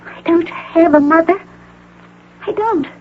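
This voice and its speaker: An actress playing a fragile, frightened young woman recovering from an overdose, pleading in a high, trembling voice in a 1980 radio drama. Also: measured pace, slight background noise. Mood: desperate, tearful. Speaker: patient. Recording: narrow phone-like radio broadcast.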